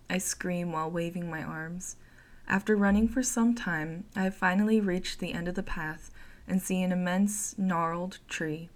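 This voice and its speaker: Woman narrating a horror story, lowish voice. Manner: expressive, dramatic first-person reading.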